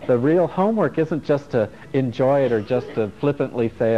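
Expressive and speaking at a normal speed, a middle-aged man with a mid-range voice leads a group through a casual self-help workshop. He keeps it frank and playful, with swearing and chuckles, and the lo-fi recording sounds dull, with faint music in the background.

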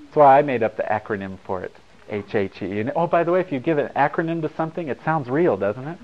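Man giving a talk: casual, wry, digressive storyteller. Medium pitch, slightly dull recording. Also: animated, fast. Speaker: speaker at a talk.

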